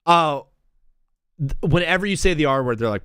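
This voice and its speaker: A man's voice: on the high side, expressive, a little fast, fairly bright tone, smooth, no echo, studio quality. Brash young man hosting a live sports stream. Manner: brash, rambling, joking and provocative. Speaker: sports talk show host. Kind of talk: live-stream sports talk, reading chat.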